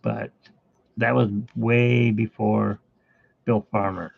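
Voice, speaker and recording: Slow gravelly-voiced man chatting while drawing. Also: on the low side, fairly even intonation, no room sound. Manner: rambling, chatty, with fillers and asides. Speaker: artist hosting a live art stream. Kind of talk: casual chat while drawing. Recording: tinny phone-like sound.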